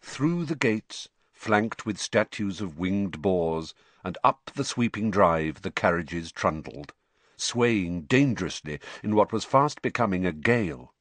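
A man narrating a novel aloud as an audiobook, in a measured, expressive storytelling manner. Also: sits low, no room sound. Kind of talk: scripted narration.

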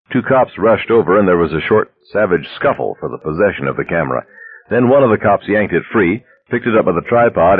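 Low husky guy reading a novel out loud, dry tinny phone-like sound. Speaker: audiobook narrator. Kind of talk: scripted narration.

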